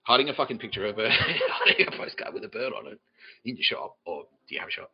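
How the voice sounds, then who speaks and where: A man's voice: lowish voice, very animated, fast, lo-fi sound. A man hosting a comedy podcast, swearing often and laughing as he jokes with the live audience. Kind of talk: improvised comedy monologue, relaying a psychic's words.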